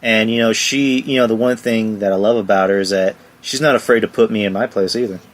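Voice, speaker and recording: A man's voice: on the low side, steady tone, fairly quick. A man hosting a casual podcast chat, rambling with many fillers and laughing along. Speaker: podcast host.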